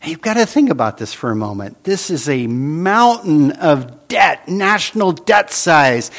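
A man preaching a sermon, swinging between loud emphasis and hushed, dramatic drops. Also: fairly high pitch. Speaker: pastor.

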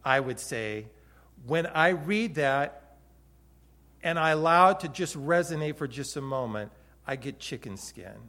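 A man preaching a sermon who retells the story vividly, swinging between loud emphasis and quiet moments. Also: fairly high pitch, animated, unhurried. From Hawaii. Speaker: pastor.

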